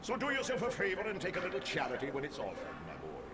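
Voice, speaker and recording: Older fatherly game mentor, lively pitch, noisy game sound. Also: rapid-fire. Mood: coaxing. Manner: coaxing, fatherly, calls everyone laddie. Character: folksy old male mentor who teaches the hero. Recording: game audio under loud noise.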